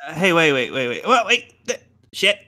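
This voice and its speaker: A man's voice: on the high side, sing-song, moderate pace, sharp tone, dry recording, clean studio sound. A male livestream host speaking hesitantly with many fillers. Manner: hesitant, filler-heavy, laughing nervously. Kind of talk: livestream hosting.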